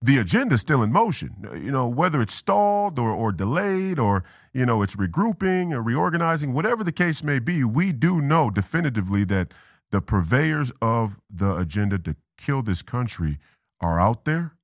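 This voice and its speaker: A man's voice: medium pitch, big pitch swings, moderate pace, no room sound. A man hosting a political talk show, delivering a rambling commentary monologue, repeating and restarting words and drifting into tangents. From Minnesota.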